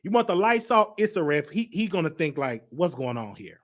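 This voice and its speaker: A man's voice: fairly high pitch, sing-song, fairly quick, fairly bright tone. A man hosting a live online show, talking casually and emphatically, repeating himself and reading out viewer comments. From United States. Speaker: host.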